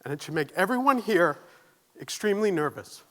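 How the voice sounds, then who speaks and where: Man, keynote speaker, high and bright, nervous but earnest on a stage mic. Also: lively intonation, fairly quick. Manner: earnest, self-deprecating, audience questions. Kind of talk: conference keynote talk. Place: conference stage.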